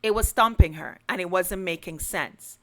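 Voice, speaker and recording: A woman's voice: fairly low pitch, normal speed. A woman podcast host giving earnest, emphatic commentary straight to her audience, building up to pleading. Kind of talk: direct-to-camera commentary.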